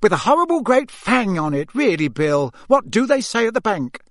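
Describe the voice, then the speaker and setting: A man's voice: high voice, big pitch swings, normal speed, fairly bright tone, no room sound, studio quality, voice pushed up. A man reading an audiobook who voices a fussy, doting mother, scolding and bossing her grown children in a raised voice. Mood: fussing. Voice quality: scolding, fussing. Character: fussy middle-aged mother, bossy but doting.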